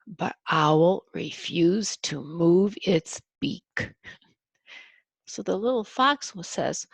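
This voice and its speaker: An older woman, a grandmother, reading a picture book aloud to a child, gently explaining and counting along. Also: fairly low pitch, expressive, takes it slowly, creaky, slightly rough, no room sound.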